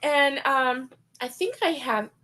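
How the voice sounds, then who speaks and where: A middle-aged woman hosting a casual crochet livestream, chatting warmly, laughing often and reading viewer comments aloud. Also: fairly high pitch, measured pace. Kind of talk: casual live-stream chat.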